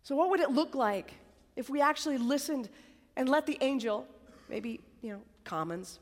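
A woman preaching a sermon at a college worship service in a conversational, chatty way, sometimes dropping to a soft whisper. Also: high voice, expressive, moderate pace, long reverb tail. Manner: conversational, chatty, tag questions and "like"; drops to a soft whisper for emphasis. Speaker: campus preacher.

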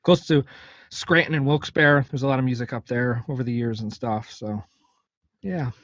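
A man's voice: medium pitch, moderate pace, a bit bright, no room sound, highs cut off. A man from the Poconos in Pennsylvania, an easygoing guest in a casual podcast chat.

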